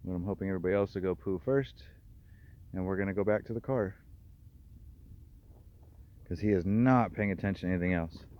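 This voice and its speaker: A man's voice: deep voice, fairly even intonation, fairly quick, long pauses. Man training dogs on an outdoor walk. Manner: calls out to dogs, explains their behavior. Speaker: dog trainer. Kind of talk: narrating a dog walk. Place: outdoors on a trail. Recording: dull lo-fi outdoor recording.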